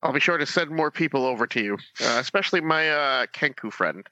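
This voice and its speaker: A man's voice: medium pitch, lively intonation, brisk, sharp tone, no echo, muffled recording. A man as a player in a tabletop game, speaking politely and earnestly in character. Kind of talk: tabletop role-play.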